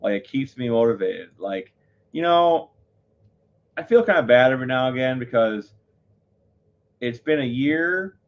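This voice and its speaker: A man's voice: medium pitch, expressive, moderate pace, pauses often, muffled recording. A man chatting casually on a live stream, rambling, full of fillers and self-corrections. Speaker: livestreamer.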